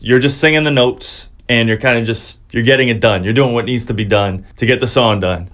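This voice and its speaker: A man's voice: mid-range voice, fairly bright tone. A man, a music producer, talking casually as he reacts to fans' songs, encouraging and chatty, full of restarts and fillers.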